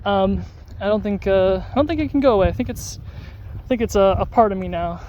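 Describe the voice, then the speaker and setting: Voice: mid-range voice, brisk, dark tone, dull audio, slight background noise. An adult vlogger talking casually to the camera while out on a dog walk, rambling with lots of fillers and restarts. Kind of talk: casual vlog talk to camera.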